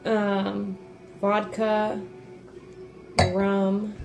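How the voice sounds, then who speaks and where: A woman's voice: medium pitch, monotone, very slow, over music, rough recording. A young woman chatting casually, speaking hesitantly and letting her sentences trail off. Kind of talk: casual chat.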